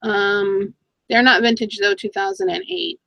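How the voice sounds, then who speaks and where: Chatty, excitable woman reseller vlogger. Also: medium pitch, a little slow, creaky, no echo, highs cut off. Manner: chatty, excitable, talks to herself while browsing items. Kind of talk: casual haul vlog.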